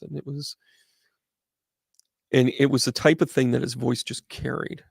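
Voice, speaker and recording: A man's voice: mid-range voice, flat delivery, moderate pace, vocal fry, no echo, studio quality. A middle-aged man, hosting and telling a rambling story in a chatty way, with frequent restarts. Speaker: host, medium. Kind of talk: casual storytelling to a live audience.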